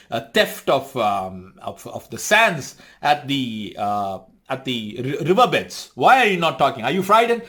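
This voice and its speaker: Man, heated commentary rant, indignant, rhetorical, fairly high voice. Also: a bit bright. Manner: indignant, rhetorical, repeats "excuse me" and "why are you not". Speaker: reaction video host.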